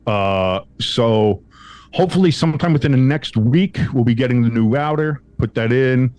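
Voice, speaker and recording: A man's voice: normal speed, no room sound. A man co-hosting a sports podcast, casually telling a long story with profanity and acting out the quoted lines. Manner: animated, acts out quotes with big pitch jumps; profane, frequent restarts. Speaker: podcast co-host.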